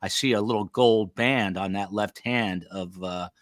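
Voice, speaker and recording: Chatty low-voiced male podcast host. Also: a little slow, dry recording, clean studio sound. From Northeast US. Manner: chatty, feisty, rambling asides. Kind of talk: casual podcast chat.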